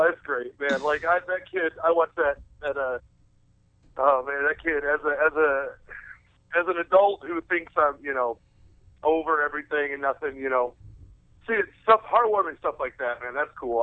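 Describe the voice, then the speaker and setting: A man's voice: a little high, no room sound. A man calling in as a guest on a casual podcast, ranting with heavy profanity about things he hates. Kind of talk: casual wrestling podcast chat. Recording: muffled phone-line sound.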